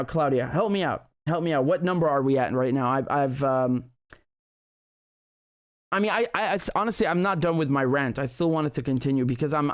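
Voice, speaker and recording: A man hosts a livestream political commentary show, talking in a fairly high voice. He rants heatedly and swears often, restarting his sentences as he goes. The sound is dry and close, with little room echo. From Britain. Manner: heated, profane ranting with frequent restarts.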